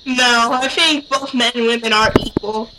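A woman's voice: on the high side, fairly even intonation, moderate pace, noisy background. A woman in a casual chat, talking hesitantly and filling her sentences with "you know" and "I mean.". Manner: hesitant, many fillers.

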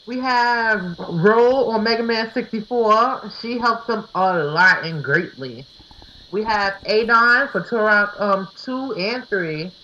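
A woman's voice: mid-range voice, slow, pushed and bright. A woman in a casual chat, speaking bluntly and swearing casually. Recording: dull lo-fi audio with faint hiss.

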